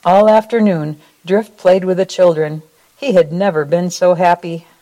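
A woman reading a children's story aloud at a church service in a slow, expressive way, ending with a short prayer. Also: lowish voice.

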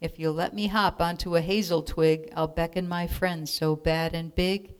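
A woman reading aloud and voicing a small, clever male mouse from a storybook, gently assured. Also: fairly low pitch, fairly even intonation, moderate pace, clean tone, lightly acted. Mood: coaxing.

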